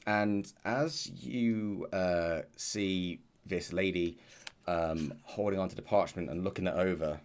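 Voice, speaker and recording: A man serves as dungeon master in a tabletop game, narrating and setting scenes in a measured way with frequent fillers. His voice sits low.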